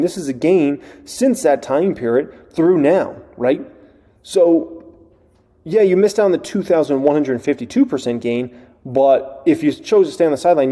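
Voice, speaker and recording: Animated man in a reverberant hall. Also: a little high. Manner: animated, acts out imagined investors' thoughts. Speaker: investing show host. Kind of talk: casual finance talk.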